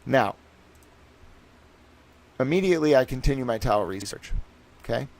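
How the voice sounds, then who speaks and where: A man's voice: mid-range voice, animated, normal speed, a little mellow. A man talking in a casual livestream monologue, rambling and self-assured, swearing often and jumping between thoughts. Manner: restless, with many fillers and restarts. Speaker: streamer and citizen investigator.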